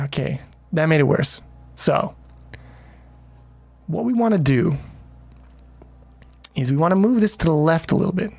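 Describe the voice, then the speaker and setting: A man's voice: fairly high pitch, expressive, unhurried, creaky, long pauses, a little mellow, husky. A man casually commenting on his game during a livestream, rambling, swearing freely and chatting with viewers. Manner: rambling, profane, talks to chat.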